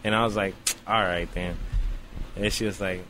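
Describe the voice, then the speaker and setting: A man's voice: lowish voice, a little fast, background noise. A man telling a long comic story in casual, profane slang, acting out the voices in it. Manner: animated, profane, acts out voices in his story. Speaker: podcast host telling a story.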